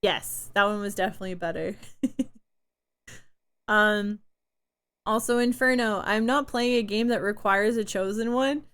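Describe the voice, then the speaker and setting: A woman's voice: medium pitch, unhurried, long pauses, fairly bright tone, smooth. A young adult woman streamer in casual live-stream chat, chatty and giggly, rambling with fillers, her throat tired from talking.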